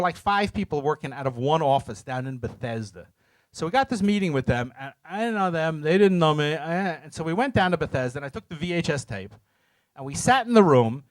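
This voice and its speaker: Animated high-voiced man telling a story. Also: fast talker, dry recording. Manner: animated, acts out voices and sounds in his stories; self-mocking, jokes with the audience. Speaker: speaker telling a story to an audience. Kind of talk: lively storytelling talk to a live audience.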